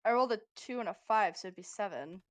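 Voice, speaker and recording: A woman playing in an online tabletop game, playful and excitable. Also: mid-range voice, fast. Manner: playful and excitable, breaking into cheers. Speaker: player.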